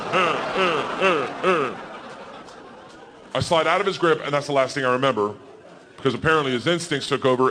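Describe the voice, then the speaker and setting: A man in his forties doing stand-up storytelling, loud and animated, yelling the quoted lines. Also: mid-range voice, in a large hall, background noise. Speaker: stand-up comedian. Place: comedy stage.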